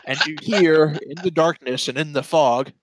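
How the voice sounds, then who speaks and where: A man's voice: fairly high pitch, normal speed, low-quality recording. A man narrating a tabletop game as game master in a casual, hesitant way, with fillers.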